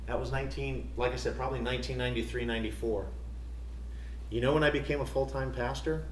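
A middle-aged man preaching a sermon as a pastor, emphatic, rising to loud declarations and dropping to quiet personal asides. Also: mid-range voice, fairly even intonation, fast, recorded from a distance, a little hiss or hum. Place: church sanctuary. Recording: roomy church echo.

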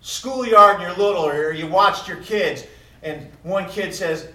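A man preaching a sermon as pastor, moving between quiet musing and loud, emphatic declarations. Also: on the high side, normal speed. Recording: echoey room heard from a distance.

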